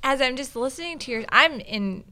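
Woman host with a bright clear voice, chatty and reflective. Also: high-pitched, lively intonation, moderate pace. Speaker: podcast host. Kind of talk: casual conversation.

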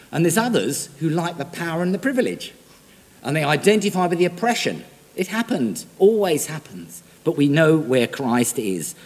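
A man's voice: on the high side, husky. A man preaching a sermon, talking conversationally and putting direct questions to his congregation. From Britain. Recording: reverberant hall.

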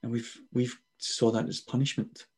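Man, sixties, dark mellow tone, husky, animated storytelling, video call. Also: mid-range voice, moderate pace. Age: 60s. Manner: animated storyteller, acts out quoted voices. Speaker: guest. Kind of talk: casual faith conversation.

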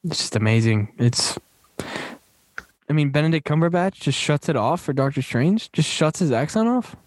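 A man's voice: on the high side, expressive, normal speed, dry recording. A man hosting a podcast, chatting casually about a movie, laughing often and repeating phrases. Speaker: podcast host.

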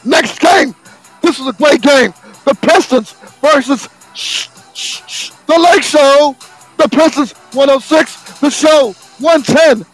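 A man, the show's sports segment host, reading basketball scores and stats in a slow, sing-song way with sudden shouted bursts. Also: extremely high pitch, soft background music, low-quality recording.

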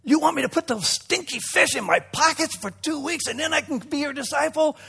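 A man voicing a proud, hot-headed young prince who pleads eagerly and then shouts in indignation. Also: very high voice, slow, creaky, pitched above the performer's own voice, exaggerated voice. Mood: indignant. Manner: indignant, pleading, loud outbursts.

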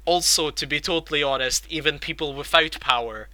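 Bright, rambling man. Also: a little high, brisk, no room sound, low-quality recording. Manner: rambling, restarts often, laughs a lot. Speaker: podcast co-host. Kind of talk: casual book discussion.

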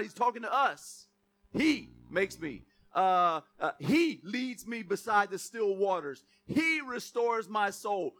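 High-voiced bright male preacher. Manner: call-and-response preaching with asides and jokes; repeats key words with emphasis. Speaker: pastor. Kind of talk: sermon.

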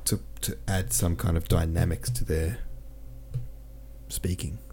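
A man's voice: sits low, steady tone, unhurried, mellow, slight background noise. A man hosting a podcast, talking casually and rambling through a book discussion while reading listener comments aloud. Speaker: podcast host.

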